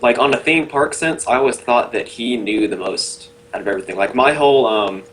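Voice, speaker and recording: A man with an ordinary mid-range voice talks casually on a webcast call. He rambles through his points with many fillers. A faint hiss and rumble sit under the call. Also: a little fast, fairly bright tone, low-quality recording. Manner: rambling, lots of fillers, laughs easily. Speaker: webcast co-host. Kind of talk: casual podcast chat over a call.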